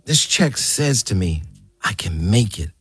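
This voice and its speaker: A man in his sixties, an interview guest, telling an animated story and acting out the quotes. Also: on the low side, measured pace, breathy edge, no room sound, faint music behind. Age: 60s.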